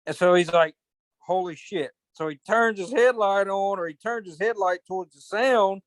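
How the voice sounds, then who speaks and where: A man's voice: high voice, no room sound. Drawling man telling hunting stories. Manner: rambling, colloquial, drawn-out storytelling with cursing. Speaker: podcast host. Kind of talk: casual storytelling chat.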